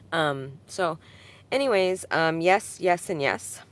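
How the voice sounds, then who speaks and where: A woman's voice: on the low side, expressive, slow. A woman talking in a casual, rambling vlog monologue at home, full of ums and likes, swinging from subdued to heated. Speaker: vlogger answering a comment. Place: at home with her cat.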